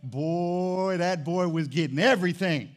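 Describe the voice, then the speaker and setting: A man's voice: high voice, unhurried. A middle-aged man preaching a sermon in church as pastor, emphatic and repeating his key phrases.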